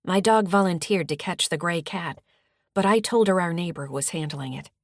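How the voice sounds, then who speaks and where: This is scripted narration of a first-person audiobook, delivered by a woman whose voice sits low and whose pace stays calm and measured. The recording is close and completely dry, without any room ambience.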